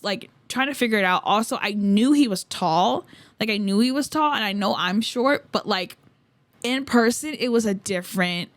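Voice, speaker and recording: A woman's voice: medium pitch, no room sound. Giggly young woman rambling casually. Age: 20s. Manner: giggly, laughs often mid-sentence; rambling with many fillers. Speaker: podcast host. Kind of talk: casual storytelling chat.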